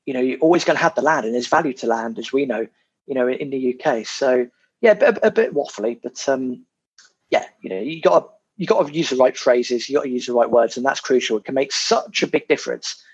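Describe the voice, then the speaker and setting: A man speaks briskly in a medium-pitched, slightly rough voice as a podcast guest, casually and animatedly discussing property. Occasional swearing and repetition mark this relaxed interview, which was recorded with dull lo-fi sound.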